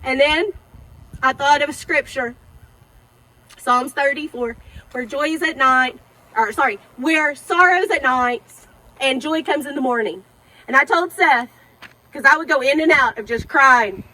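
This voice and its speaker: A woman's voice: sits high, unhurried, pauses often, bright, forceful tone, poor audio. A middle-aged woman giving an emotional eulogy at an outdoor graveside, telling the story and acting out remembered dialogue. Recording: outdoor recording with passing traffic noise.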